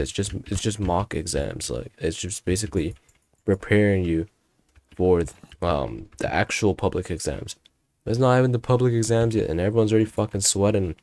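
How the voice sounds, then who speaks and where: A young man with a fairly low voice tells a school story in a loose, rambling monologue. He talks slangy and swears freely, restarting his sentences as he goes. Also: darkish tone. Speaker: student storyteller.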